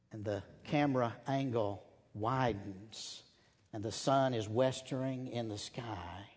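A man preaching a sermon, telling a story slowly and dramatically, dropping at times to a hushed whisper. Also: medium pitch, in a large hall.

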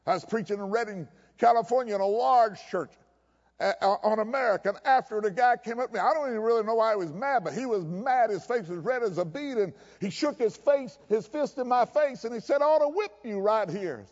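High-voiced preacher in an echoing hall. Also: male voice, a little fast, highs cut off. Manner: emphatic, folksy preaching with humor. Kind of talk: sermon. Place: chapel service.

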